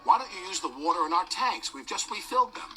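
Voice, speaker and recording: A man voicing a helpful, eager young male engine in a children's storybook, talking quickly and upbeat. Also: sits high, lively intonation, bright, forceful tone, faint music behind, pitched above the performer's own voice, exaggerated voice, poor audio.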